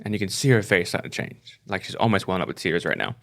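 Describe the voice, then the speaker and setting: A man's voice: low voice, very animated, quick pace, gravelly. A middle-aged man telling a story in casual talk on a podcast, acting out the people he quotes. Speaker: podcast co-host.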